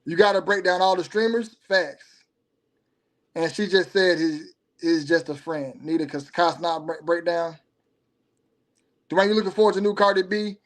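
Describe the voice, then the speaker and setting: A man's voice: high voice, fairly even intonation. A man hosting a livestream, giving blunt, opinionated commentary and reacting to viewer chat, speeding up and then drawing his words out. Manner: blunt, opinionated, switches between rapid and drawn-out delivery. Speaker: livestream host.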